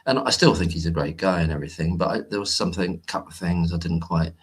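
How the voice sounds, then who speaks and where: A man's voice: low voice, quick pace, breathy edge. A man hosting a casual livestream from home, talking in a rambling, hesitant way with many restarts as he greets viewers in the chat. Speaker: livestream host. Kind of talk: casual live-stream chat.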